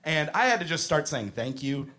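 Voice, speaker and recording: A man doing a crude stand-up comedy set, ranting and shouting mock arguments. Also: fairly high pitch, very animated, normal speed.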